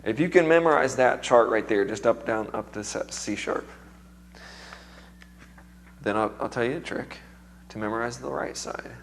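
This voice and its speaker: A man's voice: medium pitch, normal speed, vocal fry, pauses often, slight background noise. A man with a strained, recovering voice, teaching music theory to a seminar class in a casual, chatty way and quizzing the students.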